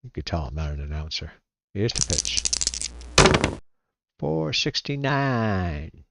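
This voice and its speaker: A man playing a solo tabletop baseball game, reading out dice rolls and calling the plays in a relaxed, halting way, muttering to himself as he looks things up. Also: very deep voice, very noisy. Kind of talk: casual play-by-play while rolling dice.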